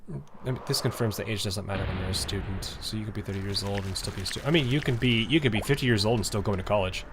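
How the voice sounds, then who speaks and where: A man's voice: fairly low pitch, fast, noisy background. A man giving casual, rambling gameplay commentary, chatting and thinking aloud as he plays. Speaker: game streamer.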